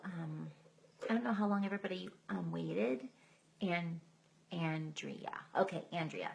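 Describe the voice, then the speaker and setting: Woman, low voice, gravelly, chatty live host, self-deprecating. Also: slight background noise. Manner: chatty, greets viewers by name; self-deprecating, laughs often. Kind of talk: casual live chat.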